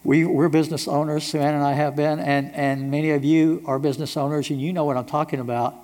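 A man's voice: fairly high pitch, flat delivery, fast talker, darkish tone. A middle-aged man from the United States preaching a sermon as pastor, emphatic, with repeated rhetorical questions. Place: church sanctuary. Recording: long reverb of a large church hall.

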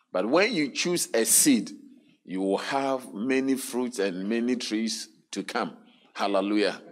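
A pastor with a mid-range voice preaches a sermon during a church service. He draws responses from the congregation with frequent hallelujahs and questions.

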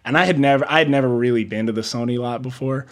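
Guy chatting about working on set, animated, acts out what people said, laughs a lot, normal mid voice. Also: mid-range voice, quick pace. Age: older than typical entry-level peers. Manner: animated storyteller, acts out quotes, laughs often. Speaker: production assistant guest. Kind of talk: casual storytelling interview.

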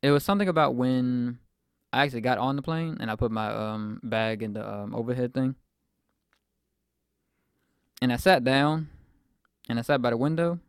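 Young male podcast host, mid-twenties, gravelly, dry close sound, rambling faith testimony. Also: medium pitch, moderate pace, long pauses, dry recording. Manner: reflective, rambling with fillers.

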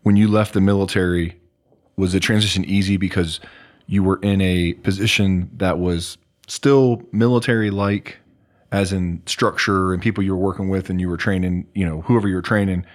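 A man's voice: low voice, fairly even intonation, normal speed. A man hosting a casual interview who asks follow-up questions. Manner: short backchannels and follow-up questions.

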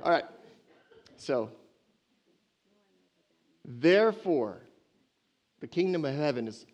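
A man preaching a sermon in a lively, conversational way, with playful asides and humor. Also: on the high side. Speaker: pastor.

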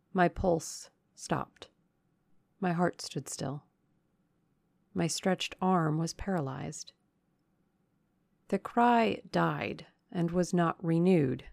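Brief: woman narrator, slow and measured, gravelly low voice, dry recording. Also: a little mellow, no room sound. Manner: measured, dramatic reading. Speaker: audiobook narrator. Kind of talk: scripted narration of a classic novel.

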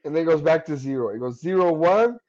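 A man on a casual comedy podcast, cracking dark deadpan jokes with plenty of swearing. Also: on the high side, brisk, crowd noise. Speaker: podcast co-host. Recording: muffled lo-fi sound.

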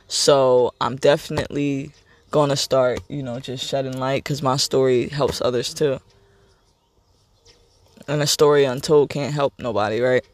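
A man's voice: medium pitch, no room sound. A young man hosting a podcast, talking candidly in a rambling, repetitive way. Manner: candid, rambling, repeats himself. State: getting emotional. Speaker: podcast host. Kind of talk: casual personal monologue.

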